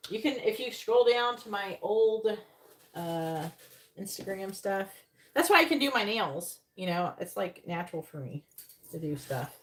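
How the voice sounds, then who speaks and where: A woman in her forties giving a casual live-stream tarot reading, rambling and chatty, swearing freely as she talks. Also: mid-range voice. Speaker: psychic tarot reader.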